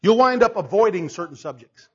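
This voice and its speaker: High-voiced preacher, quiet to shouting. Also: male voice, expressive, fairly quick, husky, lo-fi sound. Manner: swings from quiet to shouting, laughing. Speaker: pastor. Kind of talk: sermon.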